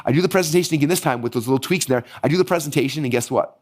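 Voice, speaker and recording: A man in his forties, teaching marketing through a fast, animated story and acting out the dialogue with a raised voice. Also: fairly high pitch. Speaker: business coach teaching marketing. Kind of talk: energetic teaching monologue with storytelling.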